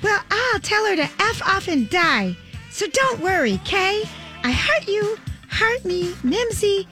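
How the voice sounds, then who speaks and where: A woman voicing Mimsy, a manipulative teenage mean girl, reading old notes aloud in a very high girlish voice. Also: very animated, takes it slowly, bright, forceful tone, soft background music, heavily acted. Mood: chummy.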